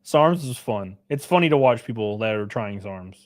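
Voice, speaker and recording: A young man casually chatting on a livestream while reading chat. He is loose and profane, uses lots of fillers and suddenly jumps way up in pitch for jokes. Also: normal speed. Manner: animated, pitch jumps up sharply on bits.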